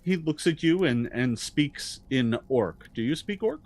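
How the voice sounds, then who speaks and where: A man narrating as game master of a tabletop game, halting and full of restarts. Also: medium pitch, expressive, a little mellow. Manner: hesitant, full of fillers and restarts.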